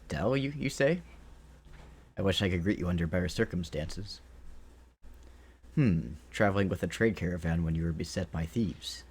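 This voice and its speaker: A man reading the lines of a kindly old male magician in a video game, in a husky voice. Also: deep voice.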